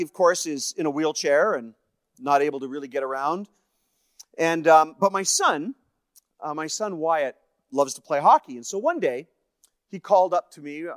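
A man with a slightly high-pitched voice tells a personal story to a congregation. He moves between quiet, heavy passages and brighter, animated bits where he plays out other people's lines. The sound is dry and close. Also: dry recording. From Canada. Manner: personal storytelling with acted-out quotes, swinging between hushed and lively. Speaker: guest speaker. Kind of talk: storytelling sermon.

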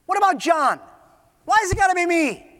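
A man preaching, voicing the apostle Peter as impulsive and emotional, with excited, pleading outbursts. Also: very high voice, brisk, pitched above the performer's own voice, exaggerated voice. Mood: upset. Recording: reverberant hall.

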